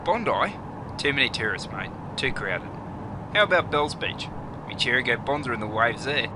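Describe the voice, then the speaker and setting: A man's voice: medium pitch, animated, normal speed, background noise, close to an everyday voice. A man with an Australian accent playing an easygoing Australian mate who teases his friend. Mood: teasing.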